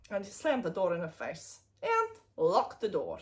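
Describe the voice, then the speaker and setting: Animated woman storyteller for children. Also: on the high side, unhurried, few pauses. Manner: expressive, with sound effects and asides.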